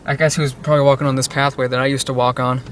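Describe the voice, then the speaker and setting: A man's voice: mid-range voice, little pitch movement, racing, a bit bright. Rambling young man vlogging from a car. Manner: rambling, restless, fillers and self-interruptions. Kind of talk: casual vlog while driving. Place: car in traffic. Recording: distant car-cabin audio with road noise. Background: car and road noise.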